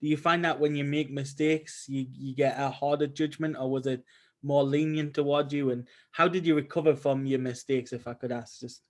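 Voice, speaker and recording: A man's voice: mid-range voice, fairly even intonation, normal speed. A man hosting a podcast who asks his guest polite, curious questions. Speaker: podcast host. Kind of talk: casual interview questions.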